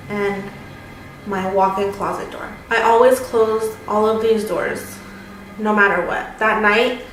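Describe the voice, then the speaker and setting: A woman's voice: mid-range voice, a bit bright. A young adult woman vlogger telling a story casually and dramatically, with lots of fillers. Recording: roomy, distant mic, faint noise.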